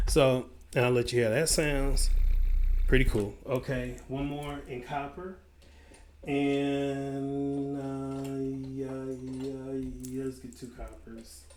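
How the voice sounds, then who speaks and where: Slow-talking man with a drawl. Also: mid-range voice, a little mellow. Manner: chatty, rambling, playful asides. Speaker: product reviewer. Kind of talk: casual unboxing review.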